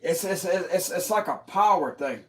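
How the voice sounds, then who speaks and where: A man with a high voice that swoops up and down gives a loose, unscripted tarot reading. He talks in blunt, profane slang with a lilt and breaks into laughs as he goes. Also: animated, moderate pace, breathy edge. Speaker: tarot reader. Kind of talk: casual tarot reading monologue.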